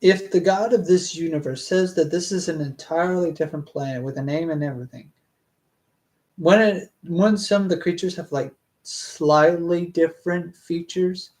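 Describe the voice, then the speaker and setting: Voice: mid-range voice, normal speed, a little mellow. A streamer reading a fantasy book aloud to a live chat, breaking off into rambling, hesitant asides full of restarts.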